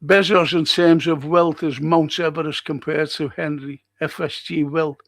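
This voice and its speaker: An older man with a gravelly, slightly high voice, talking through a live football match. He is blunt and swears freely, shouting players forward between bits of chat. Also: fairly even intonation, normal speed. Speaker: podcast host reacting live to a match.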